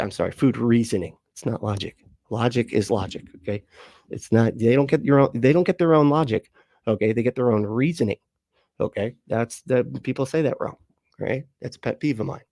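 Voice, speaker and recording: A man's voice: mid-range voice, darkish tone, dry recording. A man in his late thirties hosting a casual livestream, rambling through chat comments with frequent laughs and casual swearing. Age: late 30s. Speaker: livestream host.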